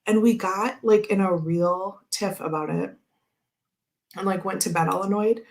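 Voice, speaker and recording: A woman talks casually as host, her voice at an ordinary middle pitch. She rambles from one thought to the next, peppering her speech with fillers and breaking into laughs. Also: fairly even intonation, measured pace, gravelly, darkish tone. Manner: rambling, filler-heavy storytelling with frequent laughs. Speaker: tarot channel host. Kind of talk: casual chat.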